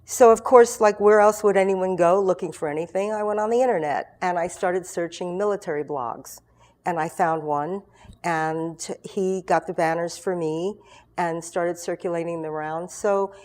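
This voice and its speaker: A woman's voice: lowish voice, steady tone, normal speed, a little mellow. A woman in her sixties telling her story as an interview guest, chatty and rambling, with many fillers and restarts. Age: 60s. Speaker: guest, founder of a soldier support group.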